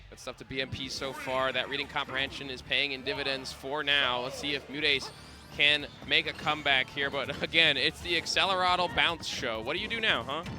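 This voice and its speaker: A man giving live play-by-play commentary on a fighting game tournament, quick and excitable, often laughing. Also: mid-range voice. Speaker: esports commentator. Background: game music.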